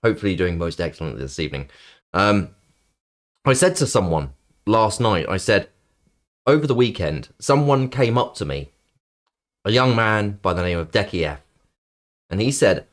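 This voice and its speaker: Low-ish guy streamer, super bouncy pitch, rambly and sarcastic, lots of ums. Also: very animated, normal speed. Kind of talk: casual live-stream chat.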